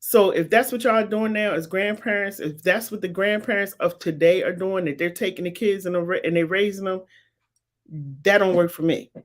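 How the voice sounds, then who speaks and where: A woman's voice: mid-range voice, steady tone, moderate pace. Emphatic fifty-something woman commentator. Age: 50s. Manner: emphatic, repetitive, preacherly insistence. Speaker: talk show host. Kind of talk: live-streamed commentary answering viewers.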